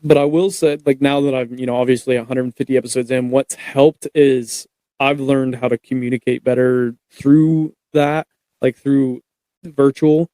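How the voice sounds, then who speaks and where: A man's voice: medium pitch, steady tone, moderate pace, warm tone, dry recording. A young man hosting a podcast, talking in a laid-back, rambling way full of fillers. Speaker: podcast host. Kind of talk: casual podcast chat.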